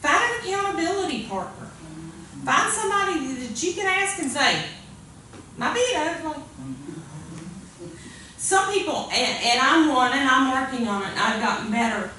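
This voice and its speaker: Woman preaching, kinda high voice, talks like a chat, repeats stuff, faint hiss. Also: animated, fairly quick, bright, forceful tone. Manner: earnest, conversational, repeats phrases. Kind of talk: sermon. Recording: echoey room, far from mic, faint hiss.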